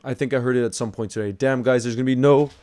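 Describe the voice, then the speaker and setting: A man's voice: medium pitch, steady tone, fast talker, a little mellow. A man with a Northern Irish accent chatting casually through a live match watchalong, greeting viewers and answering their questions.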